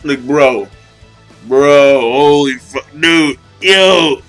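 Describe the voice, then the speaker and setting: Hyped, high-voiced young man fanboying. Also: drawn-out words, fairly bright tone, faint music behind, low-quality recording. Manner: hyped, profane, slangy fanboy gushing. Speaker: manga chapter reviewer. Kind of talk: casual excited video review.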